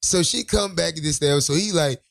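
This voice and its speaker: A man co-hosting a podcast, telling a wild story in casual, profane chat and acting out the quotes loudly. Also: a little high, moderate pace, vocal fry. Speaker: podcast co-host.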